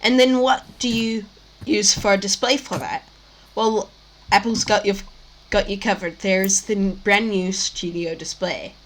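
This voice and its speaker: A woman's voice: mid-range voice, steady tone, unhurried, few pauses. A young woman hosting a casual tech news chat, rambling with many fillers and restarts, her mouth a bit dry. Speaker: tech show host.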